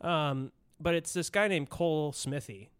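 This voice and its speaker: A man co-hosting a casual movie podcast, giggly and animated, saying "like" constantly. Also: fairly high pitch, a little slow, clear, resonant tone. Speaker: podcast co-host.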